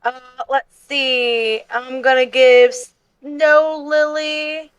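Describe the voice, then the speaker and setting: A woman's voice: sits high, level tone, extremely slow, clear, resonant tone, poor audio. A woman playing a tabletop game, talking in a wry, matter-of-fact way. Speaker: player. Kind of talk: casual game chat.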